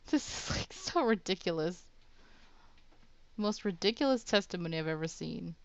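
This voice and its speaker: A woman's voice: on the low side, sing-song, measured pace, vocal fry, long pauses, no echo, dull audio. A young woman hosting a casual let's play, chatty and giggly as she comments.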